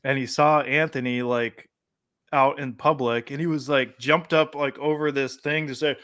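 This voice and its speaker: Animated male podcast host telling stories. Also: medium pitch, normal speed, no echo. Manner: animated storyteller, laughs often, acts out quotes. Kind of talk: casual chat.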